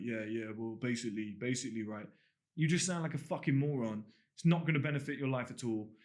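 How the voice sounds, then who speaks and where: A man's voice: mid-range voice, a little mellow. A man with a posh English accent, originally from the English countryside, coaching a course on camera in a blunt, emphatic way and swearing freely. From England (Gloucestershire). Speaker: dating and body language coach. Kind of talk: direct-to-camera course talk.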